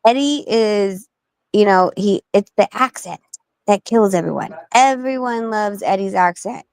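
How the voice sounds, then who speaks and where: A woman's voice: mid-range voice, darkish tone, clear, resonant tone, no room sound. Blunt woman swearing in casual chat. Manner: blunt, swears freely, tells stories quickly. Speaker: guest. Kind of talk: casual talk-show chat.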